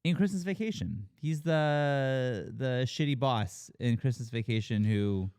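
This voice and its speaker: At a measured pace and with a clean tone, this male podcast co-host retells a movie's story animatedly, his voice leaping high whenever he plays a character. Cursing frequently, he fills gaps with "like" and "you know," and the audio is close and dry without room echo.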